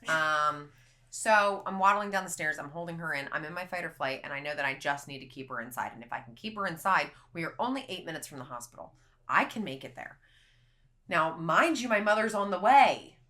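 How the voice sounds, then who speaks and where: Play a young woman talking with a low but bright, forceful voice. Keep it casual and blunt, like you're telling friends a wild story, and let a swear slip out now and then. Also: lively intonation, a little fast. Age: young adult. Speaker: podcast guest.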